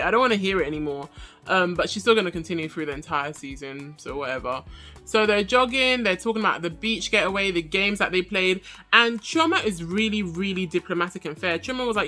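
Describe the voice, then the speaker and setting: A young woman hosts a casual, chatty review of a reality show, full of sass and quick asides. Her voice is bright and forceful, and faint music plays behind her. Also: medium pitch. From Nigerian heritage. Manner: chatty, sassy, laughs often.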